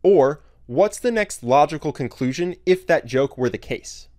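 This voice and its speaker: A man giving a clear, scripted narration for an explainer video. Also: on the high side, animated, unhurried, darkish tone.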